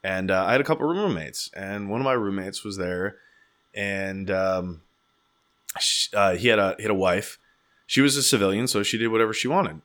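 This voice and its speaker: A young adult man hosting a casual chat and telling a story with animated, swearing delivery, acting out what people said. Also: fairly low pitch, normal speed. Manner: animated, swearing, acts out quotes.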